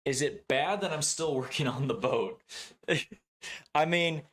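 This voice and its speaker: A man's voice: fairly high pitch, lively intonation, takes it slowly, a bit bright. A man casually chatting with viewers during a gameplay livestream, swearing freely, laughing and greeting chat by name.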